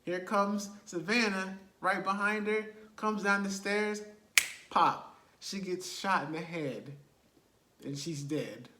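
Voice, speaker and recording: A man's voice: high voice, takes it slowly, bright, forceful tone, roomy sound, slight background noise. A man, casually retelling a movie plot with laughs and rhetorical asides. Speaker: movie reviewer.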